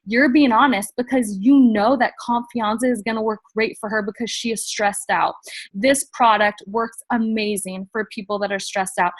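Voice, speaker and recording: A woman's voice: on the high side, steady tone, normal speed, no echo. Upbeat woman coaching new sellers. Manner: upbeat and emphatic, coaching the group directly. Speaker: sales trainer. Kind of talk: training talk to new distributors.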